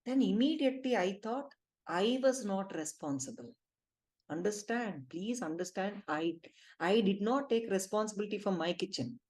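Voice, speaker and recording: Mellow-voiced Indian woman teaching. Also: mid-range voice, normal speed. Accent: Indian English. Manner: lively, emphatic storytelling with quoted dialogue. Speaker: spiritual healing group leader. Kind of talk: spiritual teaching talk.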